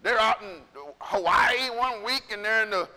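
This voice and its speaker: A male pastor preaching in a casual storytelling way, animated and conversational, acting out what people said. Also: high voice, normal speed, in a large hall. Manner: animated, conversational, acts out quotes. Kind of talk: storytelling sermon.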